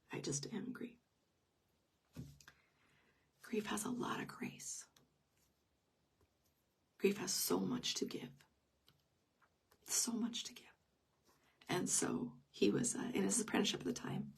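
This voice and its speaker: A woman's voice: medium pitch, creaky, a little mellow, slightly rough, far from the mic. A middle-aged woman telling a personal story in an unscripted live stream, intimate and emotional, often dropping to a whisper. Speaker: grief teacher.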